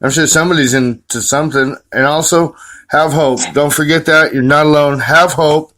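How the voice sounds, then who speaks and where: A man's voice: on the high side, fairly even intonation, moderate pace, fairly bright tone, low-quality recording. A man hosting a podcast in casual chat, easygoing and joking. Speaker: podcast host.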